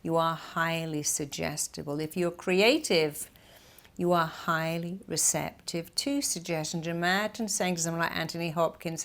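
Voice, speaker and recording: A middle-aged woman therapist speaks in a slightly low voice, teaching with emphatic energy. She acts out the inner voices she describes in quick little quotes, in a motivational style. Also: fairly bright tone. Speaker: therapist and hypnotherapist.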